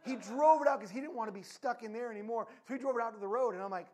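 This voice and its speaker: A man preaching a sermon, mixing personal stories with scripture. His voice leaps up and cracks when a story gets excited, then drops low and quiet for serious points. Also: racing. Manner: animated, voice jumps up and cracks when telling stories.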